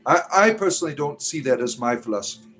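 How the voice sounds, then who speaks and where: A man's voice: on the high side, lively intonation, quick pace, a bit bright, faint music behind, poor audio. Rambling man chatting on a livestream. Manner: rambling, answers chat questions with frequent "right?". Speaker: livestream host answering chat. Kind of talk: casual livestream chat.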